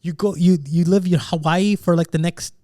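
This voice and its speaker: A man's voice: high voice, steady tone, moderate pace, dark tone, dry recording, clean studio sound. A man co-hosting a casual podcast chat, talking emphatically with plenty of swearing and restarts. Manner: emphatic, swears freely, repeats words when starting sentences. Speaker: podcast co-host.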